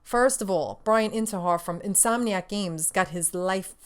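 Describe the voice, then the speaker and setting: A woman's voice: on the low side, moderate pace, hardly any pauses. A young adult woman hosting a casual gaming news show, ranting in a sassy, profane, exasperated way and laughing often.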